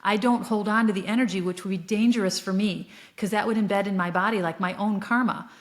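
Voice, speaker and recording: A woman hosting her own podcast, telling a personal story in an earnest, reflective way, with soft laughs and frequent fillers. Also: medium pitch, fairly even intonation, a little fast. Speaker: podcast host. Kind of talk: solo spiritual podcast storytelling.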